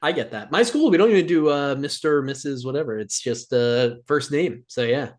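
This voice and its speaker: A man co-hosting a podcast in casual chat, easygoing and quick to laugh along. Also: mid-range voice. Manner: easygoing, laughs often, agreeable. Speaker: podcast co-host.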